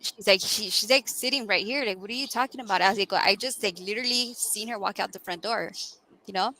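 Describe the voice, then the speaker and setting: Bright-voiced woman telling a story. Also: mid-range voice, quick pace, rough recording. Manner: animated storyteller, fillers like "right?" and "like". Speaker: guest co-host. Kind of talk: casual storytelling chat.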